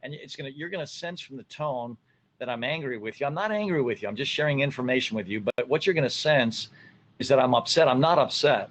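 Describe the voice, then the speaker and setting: A man's voice: medium pitch, poor audio. A middle-aged man, a college soccer coach, answering interview questions in a reflective way with many fillers. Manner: reflective, many fillers, acts out what he tells players.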